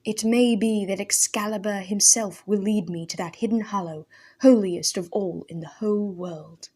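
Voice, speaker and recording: A woman voicing a mad old male hermit who speaks in archaic, fervent bursts, from raging shouts to hushed awe. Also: mid-range voice, normal speed, slightly rough, lightly acted. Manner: intense, archaic speech, shouting then hushed.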